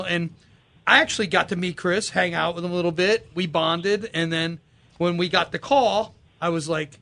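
A man's voice: high-pitched, normal speed, bright, forceful tone. A man hosting a radio show, telling stories in an enthusiastic, slangy, casual way.

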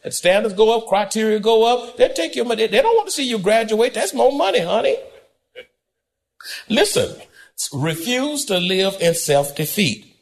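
A male pastor delivers a sermon in a high, lively voice that leaps up and drops low. He talks straight to the congregation in a folksy, conversational way and breaks into the odd shout. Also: normal speed. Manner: animated preaching, swooping between high and low, occasional shouts.

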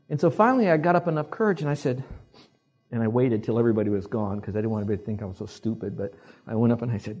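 Husky older man preaching a sermon. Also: medium pitch, fast. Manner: animated, acts out quoted voices, asks the congregation to repeat. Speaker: pastor.

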